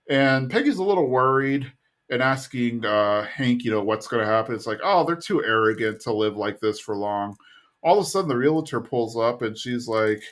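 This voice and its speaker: A man's voice: lowish voice, fairly bright tone. A man co-hosting a podcast, casually retelling a cartoon episode and briefly mimicking the characters as he goes. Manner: rambling retelling with quick voice impressions. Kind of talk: casual chat.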